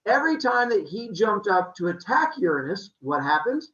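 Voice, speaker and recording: A male teacher telling myths to a classroom as an animated, joking storyteller who quizzes his students. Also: sits high, normal speed, echoey room. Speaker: middle school teacher. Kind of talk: classroom lesson on mythology. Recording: dull lo-fi classroom recording.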